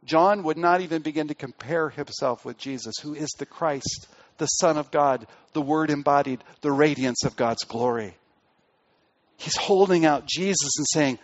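High-voiced man preaching emphatically. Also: normal speed, muffled recording. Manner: emphatic preaching, swelling loud on key phrases then dropping low. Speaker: pastor. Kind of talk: sermon.

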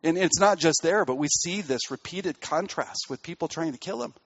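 A man preaching a sermon in an earnest way, building to emphatic peaks and then dropping to quiet asides. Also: on the high side, moderate pace, breathy edge, no echo, muffled recording. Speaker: pastor.

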